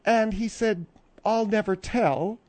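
A bossy, domineering woman who talks slowly and primly and snaps orders at her partner, as a man puts her on. The comic radio bit holds her commanding tone throughout. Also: sits high, a little mellow, pitched above the performer's own voice. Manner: commanding, slow and prim, snapping orders. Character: bossy domineering middle-aged woman caller, scolding. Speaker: radio show guest. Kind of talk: comedic radio character acting.

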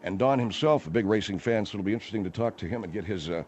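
A man's voice: on the low side, rapid-fire, a little mellow, slight background noise. A man hosting a radio talk show, chatty and exasperated with his guests.

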